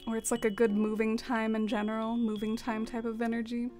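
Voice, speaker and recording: A young woman live streaming a game, chatting casually with her viewers in a soft, rambling way full of fillers and trailing thoughts. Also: fairly high pitch, completely flat delivery, brisk, faint music behind. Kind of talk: casual stream chat while playing a game.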